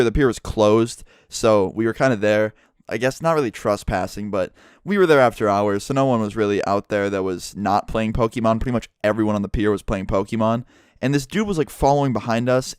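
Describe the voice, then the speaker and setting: A young man telling a story vlog to his subscribers, animated and profane, swearing freely as he goes. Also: mid-range voice, clean tone, dry recording, clean studio sound. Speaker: YouTuber.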